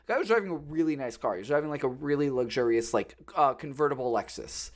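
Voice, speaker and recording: This fast-talking man with a somewhat high voice hosts a laid-back podcast. Originally from Florida, he tells lively stories full of profanity and acts out the callers and people in them.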